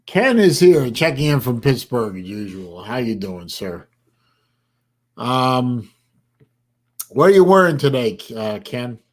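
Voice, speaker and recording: Slow, rambling older man hosting a stream. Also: mid-range voice, big pitch swings. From Florida. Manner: rambling, many fillers and pauses; tired, yawning. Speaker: livestream host. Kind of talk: casual live-stream chat.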